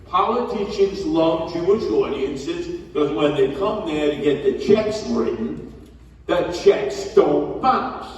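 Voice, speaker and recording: A man delivers a blunt, scolding campaign speech at a slightly higher pitch than most men. He is heard from far off in a big echoey hall with a long reverb tail, with faint room ambience behind him. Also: darkish tone, a little hiss or hum. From New York. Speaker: mayoral candidate. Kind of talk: campaign speech to a community gathering. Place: community hall gathering.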